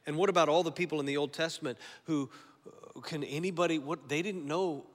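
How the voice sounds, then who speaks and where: A man preaching a sermon in a church, moving between quiet, slow passages and loud, emphatic declarations. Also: on the high side, steady tone. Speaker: pastor. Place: church sanctuary. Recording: long hall reverb.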